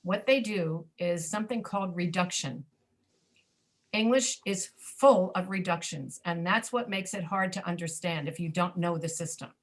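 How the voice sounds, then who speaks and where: A woman with an American accent leads an online pronunciation lesson. She says example words again and again, slowing down to model stressed and reduced syllables. Her manner is patient and encouraging. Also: on the low side. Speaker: pronunciation teacher. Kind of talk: online English class teaching.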